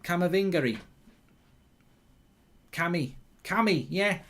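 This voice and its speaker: A man's voice: sits high, expressive, slow, fairly bright tone. A man hosting a live football watchalong, chatting casually, reading out viewer comments, with frequent ums and restarts.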